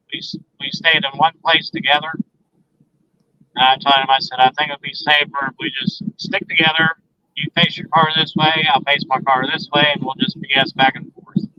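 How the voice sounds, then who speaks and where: A man's voice: on the high side, smooth, dry recording. A man telling a story as a guest in a phone interview, earnestly retelling each exchange with many "I said" and "he said" remarks. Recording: dull lo-fi phone line.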